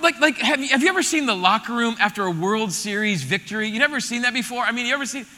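A man in his thirties preaching an animated, joking sermon to a congregation in a church auditorium. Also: very high voice, quick pace, in a large hall. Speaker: pastor.

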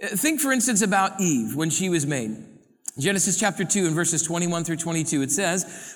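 A man delivers a sermon as a pastor, switching between animated, playful rhetorical questions and quieter reflection. His voice sits high for a man. A long reverb trails his words through a large church hall. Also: normal speed.

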